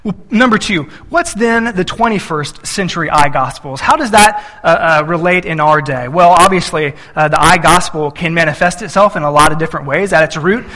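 A man's voice: a little high, moderate pace, sharp tone, big-room sound. A man in his thirties preaching a sermon, telling family stories and acting out little voices when he quotes his son and wife. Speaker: pastor.

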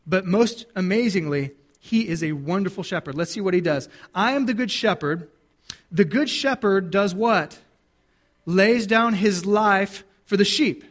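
A male pastor with a fairly high voice preaches a sermon to his church. He keeps it conversational, tossing questions to the congregation and answering them himself, and often restarts his sentences.

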